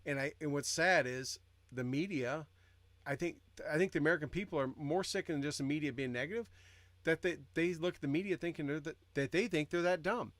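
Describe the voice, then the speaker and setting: A man's voice: fairly high pitch, a little fast, fairly bright tone, no echo. A man co-hosting a podcast, making his point earnestly and often repeating his words as he builds it. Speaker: podcast co-host. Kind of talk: casual podcast chat.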